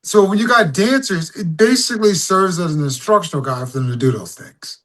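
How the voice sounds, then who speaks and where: A man's voice: high-pitched, a little fast. A man, a singer-songwriter guest, telling stories casually in an interview and acting out his own stage calls. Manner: animated storyteller, acts out crowd calls.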